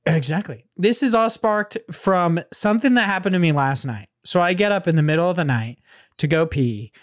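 A man's voice: high voice, moderate pace. A man co-hosting a podcast, telling a rambling, profane story in casual chat. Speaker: podcast co-host.

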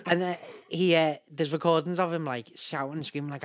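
A man co-hosting a casual podcast, telling stories in an animated, jokey way. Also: on the high side, a little fast, few pauses. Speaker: podcast co-host. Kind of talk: casual chat.

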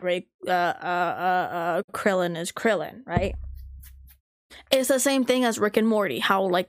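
A woman's voice: medium pitch, dry recording. Young adult woman, casual podcast chatter, loose and profane, dry close recording. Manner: rambling, swears freely, lots of "like".

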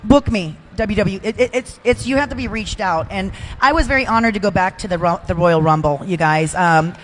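An older woman talking casually as a guest, chatty and openly emotional, poking fun at herself. Her voice sits at a middle pitch and swings up and down as she tells stories. A faint hiss runs underneath. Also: fairly quick. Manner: chatty, emotional, self-deprecating. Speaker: podcast guest. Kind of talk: casual chat.

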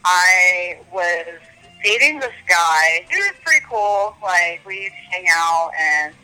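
A woman's voice: on the low side, big pitch swings, takes it slowly, sharp tone, soft background music, low-quality recording. A woman guest telling a story casually, her nose stuffy after a cold, chatty and prone to digress. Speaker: podcast guest.

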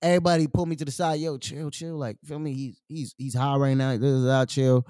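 A man's voice: medium pitch, flat delivery, brisk, warm tone, no echo, studio quality. A young man with a New York accent, telling a story in casual podcast chat, slangy and profane, acting out quotes. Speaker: podcast host.

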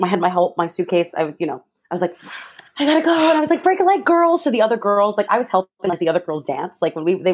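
A young woman telling a lively personal story as an interview guest, acting out other people's voices with big jumps in pitch. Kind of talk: animated storytelling.

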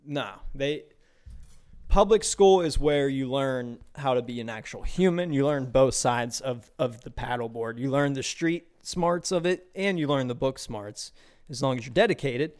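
A man's voice: mid-range voice, unhurried, a little mellow, clean tone. Rambling, laughing young man from Pittsburgh. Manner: rambling, profane, laughs a lot, repeats words. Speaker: podcast host. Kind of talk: casual solo podcast monologue.

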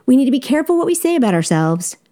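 Rapid-fire and very animated, this woman's mellow voice sits high. She has a Southern accent and coaches listeners directly and encouragingly on her solo podcast, with easy laughs.

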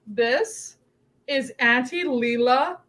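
A woman with a fairly high voice chats animatedly as a podcast guest. She talks in quick, excitable bursts. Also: low-quality recording. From Canada. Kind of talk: casual chat.

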